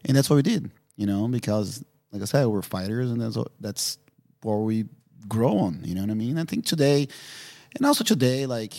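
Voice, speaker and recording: This Brazilian man speaks English in a slightly low voice while telling stories as a podcast guest. He is animated and quick to laugh, and he pads his sentences with "you know what I mean" throughout the casual storytelling.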